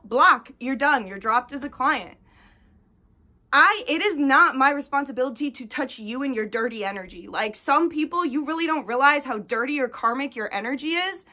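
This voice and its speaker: A woman's voice: high-pitched, bright, forceful tone. A young woman who runs a spiritual reading business, ranting bluntly and profanely to her viewers in a vlog. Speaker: spiritual reader and shop owner.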